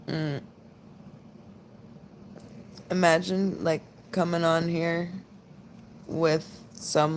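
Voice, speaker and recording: A woman in her late twenties with a drawl talks to her live-stream viewers in a low, unhurried voice. She rambles casually, full of "like" fillers. A faint room hum sits underneath. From United States. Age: 20s. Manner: rambling, relaxed, lots of "like" fillers. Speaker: livestream host.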